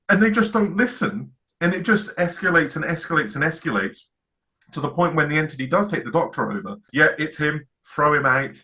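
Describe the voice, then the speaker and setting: Male co-host, bright tone, eager casual storyteller. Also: on the high side, animated, brisk. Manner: enthusiastic, retells scenes acting out lines. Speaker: podcast co-host. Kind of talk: casual chat.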